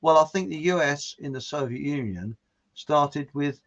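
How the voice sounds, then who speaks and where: On muffled lo-fi audio, a male host chats casually and rambles through viewer comments, chuckling at his jokes. His voice is on the high side and a bit bright, at a moderate pace.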